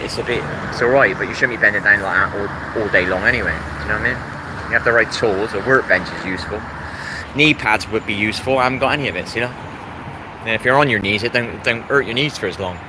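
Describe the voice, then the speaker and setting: Rambling English man with traffic behind. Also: on the low side. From England. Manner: meandering, repeats himself, greets chat viewers. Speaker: live streamer. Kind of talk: rambling live-stream chat.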